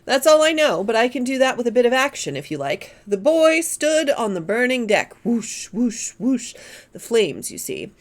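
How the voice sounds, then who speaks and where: Woman voicing a wry easygoing young man, teasing, lively tone. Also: fairly high pitch, moderate pace, hardly any pauses. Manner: dry, teasing.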